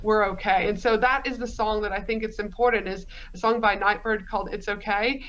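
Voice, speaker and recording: This Australian business coach speaks at a medium, steady pitch, a little fast and a bit bright, on lo-fi audio with slight hiss or hum. As a podcast guest in a conversational interview, she rambles through her story chattily, using lots of fillers.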